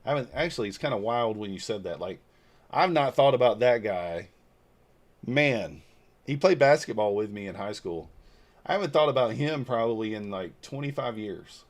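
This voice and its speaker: A man's voice: mid-range voice, lively intonation, moderate pace. A man in his forties from Northeast Georgia, talking loosely and bluntly on a livestream while answering viewers' comments aloud. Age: 40s. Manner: blunt and loose, with mild swearing. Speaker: trading livestreamer. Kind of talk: casual livestream chat.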